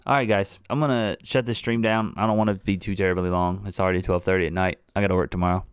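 A man's voice: low-pitched, level tone, fast talker, smooth, no room sound. A young man chatting casually on a late-night game stream, thinking aloud and fumbling through the instructions for his new close mic. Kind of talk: casual live-stream chat. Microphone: new desktop condenser mic, close.

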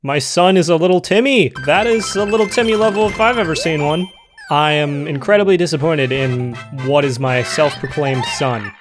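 A young man giving comedic let's-play commentary, joking and breaking into sudden loud outbursts. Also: a little high, normal speed. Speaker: gaming YouTuber. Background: game music.

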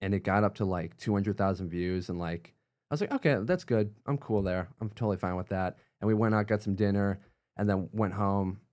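A young man telling a story as a podcast guest, animated, with many fillers and quotes acted out in a much higher voice. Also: fairly quick. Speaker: guest, YouTuber. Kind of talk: casual storytelling interview.

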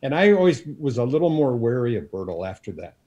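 An older man in his sixties speaks as an interview guest. His voice is mellow and relaxed as he spins long anecdotes at an easy pace, with many ums and you-knows along the way. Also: medium pitch, dull audio. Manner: unhurried anecdotal telling with frequent fillers. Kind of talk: storytelling in a casual interview.

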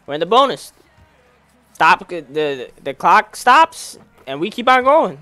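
A young man giving casual commentary while playing a basketball video game, slangy and excitable, calling out plays to the game. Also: high voice, measured pace, no room sound. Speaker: gaming YouTuber.

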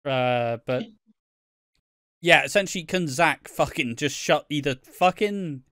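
A man co-hosting a podcast, recapping a soap opera in casual, sweary, animated rants. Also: fairly high pitch, slow pace, no echo, clean studio sound. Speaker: podcast co-host.

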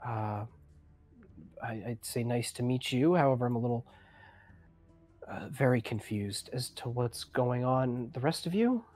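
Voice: mid-range voice, lively intonation, unhurried, pauses often, darkish tone, soft background music. A game master voicing a flustered, confused middle-aged mother who talks hesitantly, with many ums and restarts.

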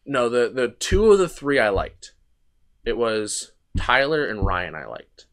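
A young man tells a rambling personal story on a casual podcast. He restarts his sentences, drops in fillers and swears as he goes. His pitch sits right in the middle for a man. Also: very animated, a little slow, a bit bright. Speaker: podcast host.

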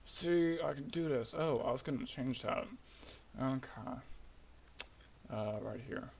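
A young man casually narrating his own game project, rambling with bursts of high-pitched glee. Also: moderate pace, creaky, a little hiss or hum. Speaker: hobby game developer. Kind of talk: casual screen-recorded devlog.

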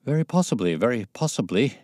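A man's voice: mid-range voice, sing-song, quick pace, a little mellow, dry recording, studio quality, pitched above the performer's own voice. A man voicing an agitated, terrified middle-aged company director with a strained, pleading manner.

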